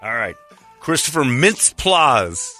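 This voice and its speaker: A man's voice: medium pitch, very animated, slow, bright, forceful tone, faint music behind. A man hosting a comedy quiz game, reading clues and teasing the players with a laugh. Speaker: quiz host.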